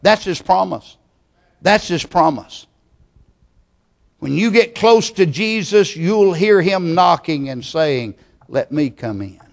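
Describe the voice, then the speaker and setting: A pastor preaching a sermon in a church, earnest and pleading, often dropping to a hushed tone. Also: male voice, high-pitched, animated, takes it slowly, creaky, long pauses.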